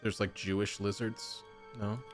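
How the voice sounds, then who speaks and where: Gaming streamer, male, lowish voice, casual chatty commentary with excitable reactions, faint game music underneath. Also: a little slow. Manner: chatty, excitable oohs while browsing options.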